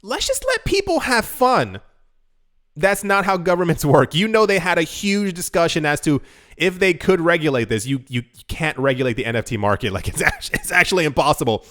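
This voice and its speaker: A man's voice: fairly high pitch, brisk, fairly bright tone. A man hosting a solo crypto channel, talking casually and rambling, who runs out of breath while reading long lists. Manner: rambling, self-deprecating, rattles off long lists.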